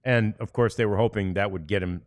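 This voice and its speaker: A man's voice: on the low side, fairly even intonation, fairly quick, no echo. A man from the United States hosting a sports podcast, chatting easily with many fillers and reading ads. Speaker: podcast host. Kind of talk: casual sports podcast chat, ad reads.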